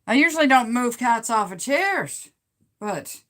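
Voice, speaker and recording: Slow, chatty woman live on her phone. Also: on the high side, lively intonation, a bit bright. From Canada. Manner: chatty, rambling, laughs often. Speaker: livestream host. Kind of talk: casual live chat with viewers. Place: at home.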